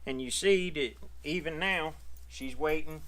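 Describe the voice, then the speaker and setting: A man with a bright, forceful voice, pitched a little above the usual for men, chats outdoors in a folksy, rambling way. He sounds a bit out of breath as he explains things at length. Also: a little slow. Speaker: dog owner vlogger. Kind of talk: casual talk to camera.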